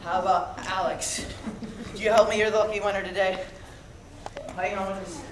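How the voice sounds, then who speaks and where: His voice is high-pitched and flat, delivered at a moderate pace, as he runs a playful, joking magic show for young campers, addressing them and bringing up volunteers. A distant mic in an echoey hall picks up plenty of crowd noise.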